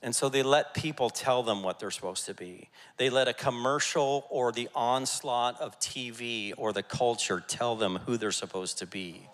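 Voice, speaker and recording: A man preaching a sermon as pastor, energetic and jokey, rallying his congregation. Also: medium pitch, normal speed, hardly any pauses. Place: church sanctuary. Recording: church hall reverb.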